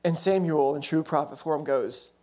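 A man preaching a sermon, telling the story conversationally with quick asides and self-corrections. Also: fairly high pitch, dark tone.

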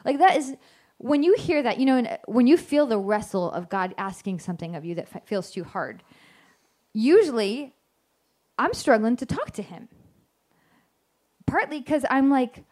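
A woman's voice: on the high side, very animated, normal speed, long pauses, a little mellow. A woman giving an informal devotional Bible teaching, chatty and self-correcting, often acting out the lines she quotes.

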